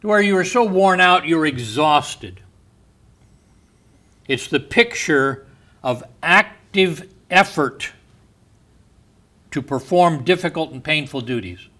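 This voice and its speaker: Male pastor, sermon delivery, slightly high voice, unhurried, hushed on quotes. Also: lively intonation. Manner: slow, deliberate delivery, dropping soft on quoted words. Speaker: preacher.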